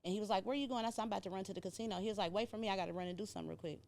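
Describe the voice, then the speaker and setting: A middle-aged woman from Indiana, appearing as a podcast guest, tells her story in casual talk. She's an animated storyteller who acts out the voices of the people she quotes. Her voice is mid-range and she speaks very fast.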